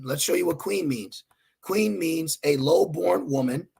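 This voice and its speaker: A man's voice: on the high side, normal speed, creaky, a little mellow, husky. A young adult man preaching a fiery sermon, confrontational and scornful as he reads scripture aloud. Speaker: street preacher.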